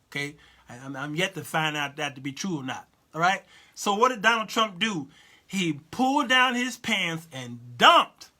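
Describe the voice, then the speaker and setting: Man, fifties, talk show host, high-pitched, very bright, animated and laughing, addresses viewers. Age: 50s. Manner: reads and answers live chat comments. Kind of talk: casual commentary monologue.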